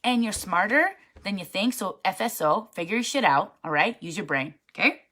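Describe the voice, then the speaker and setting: A woman's voice: medium pitch, expressive, normal speed, a bit bright. A woman who leads a network marketing team, giving a casual, chatty motivational talk in a frank, emphatic manner.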